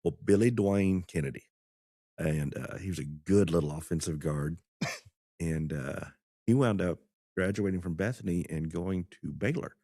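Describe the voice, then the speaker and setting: A man in his sixties, once an attorney and now a teacher, appears as a podcast guest, chatting casually and telling stories while laughing often. His voice is low and dark, at a moderate pace, with studio-quality sound and no room noise.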